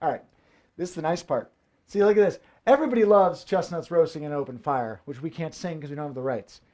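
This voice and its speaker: A man's voice: fairly high pitch, quick pace, a little mellow. A man performing fire tricks from home for a live stream, joking and hyping up the audience. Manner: playful, joking, hyped-up showman. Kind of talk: live-streamed show banter. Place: home room indoors.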